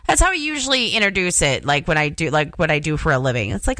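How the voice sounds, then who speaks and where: A woman's voice: deep voice, big pitch swings, fast, fairly bright tone, no echo. A woman in her thirties, a radio DJ ranting sarcastically on air from the studio.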